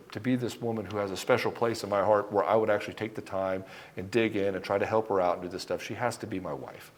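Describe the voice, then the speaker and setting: A man giving dating advice straight to the camera, blunt and emphatic, with frequent swearing. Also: lowish voice. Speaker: dating coach. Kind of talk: direct-to-camera advice monologue.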